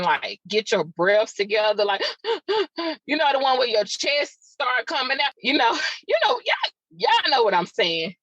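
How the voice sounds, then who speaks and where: A woman hosts a podcast and tells a personal story in a raw, emotional, confiding way, often turning to chat directly with her listeners. Her voice sits at a middle pitch for a woman. The recording is dull and lo-fi, with a dry sound and no room echo. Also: fairly bright tone. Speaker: podcast host.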